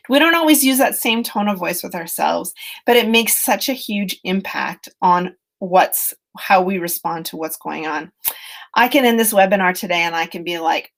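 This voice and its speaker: A middle-aged woman educator giving a webinar on self-compassion, speaking gently and earnestly in a conversational way with many fillers, over a computer mic. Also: mid-range voice, normal speed. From British Columbia, Canada.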